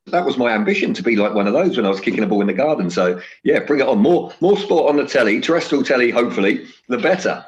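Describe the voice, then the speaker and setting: A man's voice: mid-range voice, low-quality recording. A middle-aged man from England, a guest pundit who reminisces enthusiastically about sport.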